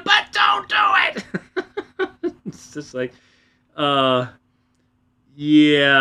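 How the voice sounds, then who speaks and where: A man hosting a religious program alone in a small room, talking emphatically and loudly into a close microphone, restarting his sentences. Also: mid-range voice. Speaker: host of a religious debate program. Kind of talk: solo spoken commentary. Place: small room, away from the usual studio.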